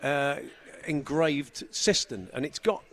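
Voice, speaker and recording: A man's voice: a little high, expressive, slow pace, fairly bright tone. A man hosting a radio sports show on location, telling dry, jokey stories in casual chat. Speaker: radio host. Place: broadcasting on location abroad.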